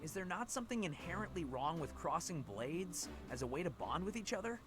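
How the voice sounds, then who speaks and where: A man voicing an easygoing, teasing young nobleman in a video game, speaking in a relaxed, casual way. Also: on the high side, brisk, over music. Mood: laid-back. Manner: laid-back and teasing.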